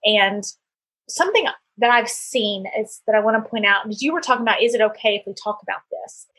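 This podcast host is a middle-aged woman with a brisk, mid-range voice that sounds fairly bright with a slight roughness. She keeps the interview casual and conversational, telling personal stories full of fillers.

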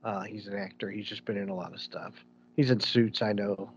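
A man's voice: lowish voice, steady tone, a little fast, slightly rough, no room sound, muffled recording. A man co-hosting a podcast, rambling through movie recaps in casual chat and laughing as he goes. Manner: rambling, restarts, laughs while telling stories. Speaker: podcast co-host.

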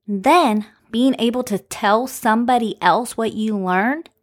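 A woman leads a children's alphabet lesson in a gently raised voice, taking her time. She stretches each letter sound out slowly and warmly encourages young listeners to repeat after her. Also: a little high. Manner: slow, stretched-out phonics sounds. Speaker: children's podcast host and teacher. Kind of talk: slow, sing-song teaching for young children.

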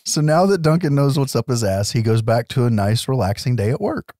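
A man's voice: mid-range voice, very animated, fairly quick, darkish tone, dry recording, studio quality. A man casually recapping a movie on a podcast, laughing often and acting out characters. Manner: laughs often, acts out characters in silly voices. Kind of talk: casual comedic chat.

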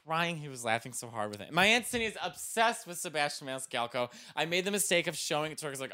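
A man from the Chicago suburbs in a casual podcast chat, telling animated family stories. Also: on the high side, quick pace, hardly any pauses. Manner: animated storyteller, loud when acting out relatives.

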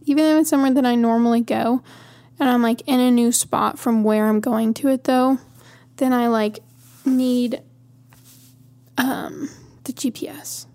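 A woman's voice: on the high side, fairly even intonation, measured pace, pauses often, dark tone. A woman from Montana hosting a podcast, talking in a chatty, rambling way and easily amused. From Montana, USA. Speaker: podcast host. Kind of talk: casual monologue.

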